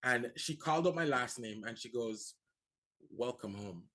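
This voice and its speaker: A man's voice: mid-range voice, moderate pace, bright, forceful tone. Earnest Jamaican man telling his story. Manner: earnest storytelling, repeats words when starting. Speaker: guest. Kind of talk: casual talk-show conversation.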